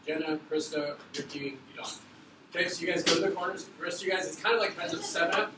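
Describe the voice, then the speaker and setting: Fast-talking male teacher in an echoey classroom. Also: on the high side, steady tone. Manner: quick, loose, joking with students. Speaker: middle school teacher. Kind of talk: classroom instruction. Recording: echoey classroom, far from mic, background noise.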